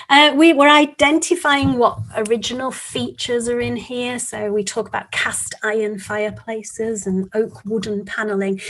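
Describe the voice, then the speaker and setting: Woman presenter, higher voice, lively storyteller who acts out voices. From England. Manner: animated storyteller, acts out children's voices and beeps. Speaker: webinar presenter, teacher trainer. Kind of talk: storytelling talk.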